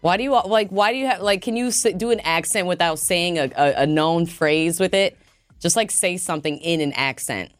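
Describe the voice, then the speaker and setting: A woman hosting a radio show, talking in a chatty, teasing, animated way. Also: on the low side, normal speed, no room sound, soft background music. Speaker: radio host. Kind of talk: casual radio talk.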